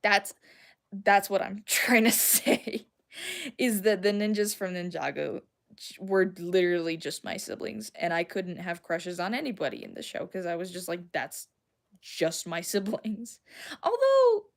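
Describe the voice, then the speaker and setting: Her voice is lowish, creaky, and measured as this young Southern streamer casually rambles through replies to her chat. She giggles often and is self-deprecating.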